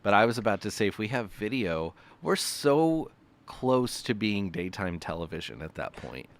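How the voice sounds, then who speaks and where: A man's voice: lowish voice, very animated, moderate pace. A man co-hosting a podcast in casual chat, bantering wryly and laughing often. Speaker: podcast co-host.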